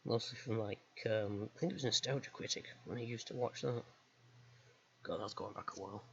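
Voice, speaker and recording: Low-voiced man rambling on a lo-fi mic. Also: a little fast, creaky, fairly bright tone. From United Kingdom. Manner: rambling, hesitant, many ums. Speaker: streamer. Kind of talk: casual rambling chat while drawing. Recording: dull lo-fi stream mic with faint hiss.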